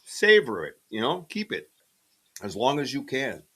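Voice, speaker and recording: A man hosting a casual podcast livestream from his home studio, talking in an excitable, rambling way and giving shout-outs to the chat. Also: mid-range voice, moderate pace, slightly rough. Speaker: podcast host.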